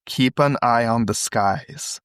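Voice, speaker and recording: A man doing an eerie, slow phone caller. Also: medium pitch, a bit bright, clear, resonant tone, no echo, clean studio sound. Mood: eerie, flat. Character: mysterious slow-talking male phone caller.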